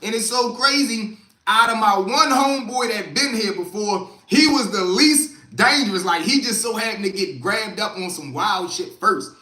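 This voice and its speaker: Animated young man telling a story in an echoey room. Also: high-pitched, normal speed. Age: young adult. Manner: animated, acts out the voices of others in the story. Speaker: livestream storyteller. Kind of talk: casual storytelling to a live chat.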